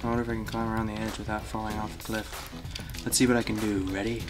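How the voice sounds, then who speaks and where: A man's voice: on the low side, monotone, fast talker, over music. A man playing a block-building game, chatting casually and thinking aloud as he plays. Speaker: Minecraft player. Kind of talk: casual gameplay chat.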